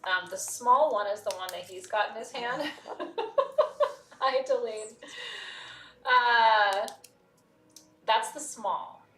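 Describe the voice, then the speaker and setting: A woman's voice: a little high, slow pace, pauses often, a bit bright. A woman hosting a live shopping stream, candid and chatty, laughing often. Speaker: host. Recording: roomy, distant mic.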